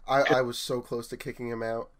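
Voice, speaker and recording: A man's voice: medium pitch, a little fast. A young man, a store manager, telling work stories in casual chat and acting out what people said. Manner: animated storyteller, acts out quotes.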